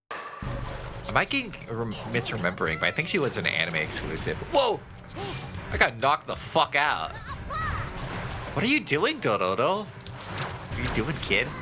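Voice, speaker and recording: Laid-back joking male streamer. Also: mid-range voice. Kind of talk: casual game stream chat.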